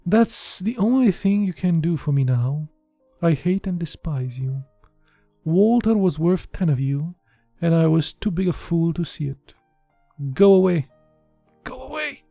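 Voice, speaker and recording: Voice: medium pitch, animated, a little slow, vocal fry, mellow, dry recording, faint music behind. A reader voicing a grieving young woman in an audiobook, pleading and tearful. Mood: anguished. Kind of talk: audiobook dialogue.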